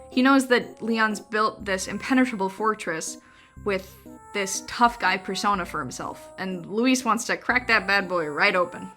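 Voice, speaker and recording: Over faint music, a young woman with a bright, clear, mid-range voice reads her own video essay script. Her delivery is wry and conversational, with dry jokes slipped in between points.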